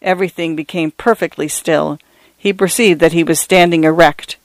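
A man narrating a story in a measured, deliberate manner. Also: a little high, fairly even intonation, no echo.

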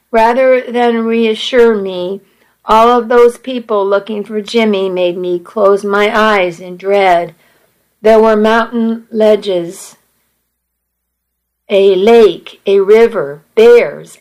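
A woman reading a first-person story aloud, earnest and measured. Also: mid-range voice, poor audio. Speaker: narrator.

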